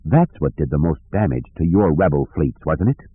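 A man's voice: extremely low pitch, lively intonation, normal speed, husky, dry recording, voice pushed down, exaggerated voice. A man voicing a grim, hard-edged woman commander who speaks in clipped orders. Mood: low, grim. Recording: dry tinny phone-like audio.

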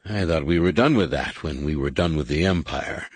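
Audiobook: male reader as a stern alien admiral, dry and measured, deep husky tone. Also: no room sound.

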